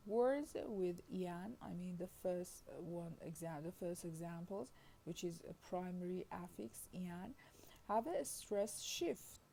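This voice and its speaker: Woman lecturing slowly, mellow voice. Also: lowish voice, low-quality recording. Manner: reads slowly, repeats "I mean" and "you see", stretches out example words. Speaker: linguistics lecturer. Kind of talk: recorded lecture reading from slides.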